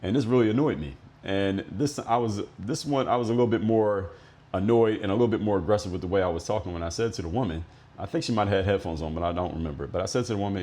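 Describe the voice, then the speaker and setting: A middle-aged podcast host from Miami, in the United States, tells stories in a solo monologue, bluntly explaining things with some swearing. His voice is fairly low and mellow, and he talks fast.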